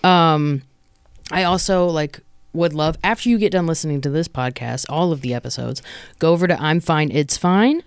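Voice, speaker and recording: A woman comedian guest on a podcast, chatting in a playful, warm way and swearing casually. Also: low-pitched, moderate pace, clean tone, dry recording, clean studio sound. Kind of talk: casual chat.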